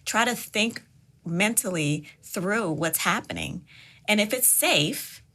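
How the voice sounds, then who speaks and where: A woman's voice: medium pitch, expressive, slow, pushed and bright. A woman co-hosting a casual podcast chat, reading listener questions and responding encouragingly.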